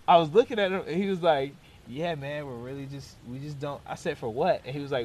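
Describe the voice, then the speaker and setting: Young man, high-pitched, casual storyteller who laughs through his own anecdote. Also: fast. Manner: animated, laughs through the telling. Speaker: storyteller guest.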